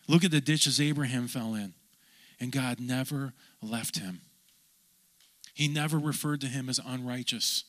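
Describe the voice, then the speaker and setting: Pastor guy preaching, bright voice, gets people to answer back. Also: medium pitch, a little slow. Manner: animated, calls for audience response. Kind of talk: sermon.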